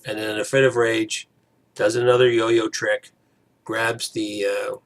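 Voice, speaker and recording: A man with a gravelly, fairly low voice talks through a TV episode in a loose, rambling recap. He keeps slipping into quick impressions of the characters as he retells their lines. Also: level tone. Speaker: TV episode reviewer. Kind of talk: casual spoken recap.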